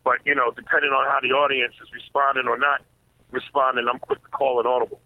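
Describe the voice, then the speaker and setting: A man who is a stand-up comedian, talking as a guest in a casual interview. He speaks in a relaxed way and stutters on repeated words. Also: medium pitch, quick pace, dry recording. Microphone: phone. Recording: tinny phone line.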